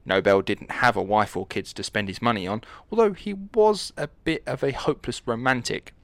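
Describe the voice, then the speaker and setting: A man's voice: mid-range voice, normal speed, no echo. A man hosting a casual, joking history podcast, rambling and swearing freely as he tells the story.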